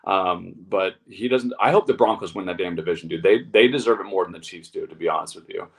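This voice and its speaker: A low, gravelly male voice rants quickly on a football talk show where he's a co-host. His casual sports talk is blunt, heated, and full of profanity.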